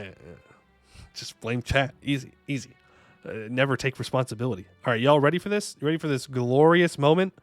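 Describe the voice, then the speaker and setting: A man streaming a strategy game, chatting casually and joking with his chat, humming little fanfares as he plays. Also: mid-range voice. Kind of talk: casual gameplay commentary. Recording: faint music behind voice.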